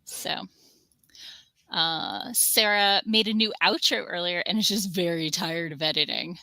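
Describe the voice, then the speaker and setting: A woman's voice: fairly low pitch, a little slow, pushed and bright, no echo. A woman hosting a casual livestream, talking in a chatty, rambling way and cooing at her cat now and then. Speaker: livestream host.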